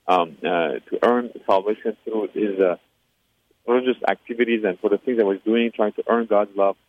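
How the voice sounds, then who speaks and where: Man, interview guest, earnest testimony full of pauses and fillers, low voice, tinny phone line. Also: dry recording. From Iran. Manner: earnest, with frequent hesitations and fillers. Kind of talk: personal faith testimony.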